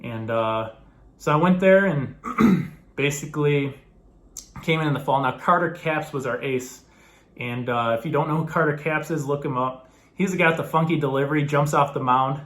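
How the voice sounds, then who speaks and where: A young man casually telling a story to camera, animated and laughing often, acting out the people in it. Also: on the high side, moderate pace. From New York. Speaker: former college baseball player telling his story.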